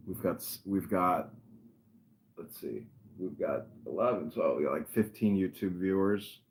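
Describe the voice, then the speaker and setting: A man hosting a casual livestream chat, dry and mocking, rambling and often clearing his throat. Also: deep voice, unhurried. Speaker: podcast host.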